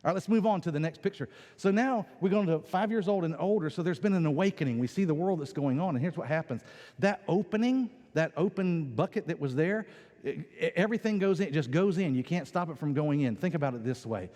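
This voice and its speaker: A man preaching a sermon as pastor, animated and playful, acting out quoted voices. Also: a little high, fast. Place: church sanctuary. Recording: long church hall reverb.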